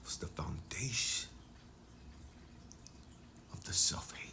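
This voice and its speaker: A man gives an intense motivational talk as a life coach, speaking slowly. He drops into hushed near-whispers and then surges for emphasis.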